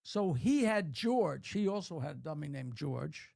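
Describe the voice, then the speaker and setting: A male host of a comedy chat show who tosses in wisecracks and keeps interrupting his guests with quick questions. He talks in a relaxed, casual way. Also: fairly high pitch, gravelly.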